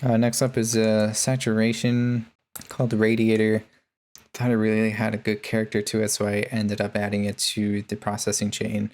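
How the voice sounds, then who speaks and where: A man talking through his bass mixing chain in a casual tutorial, laid-back and full of ums and uhs. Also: completely flat delivery, normal speed, a little mellow. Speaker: music producer.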